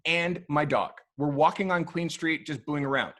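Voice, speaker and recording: Animated storytelling man, slightly high. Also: moderate pace. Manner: animated, swears freely, acts out quotes. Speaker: photographer guest. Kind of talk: casual storytelling. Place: podcast studio.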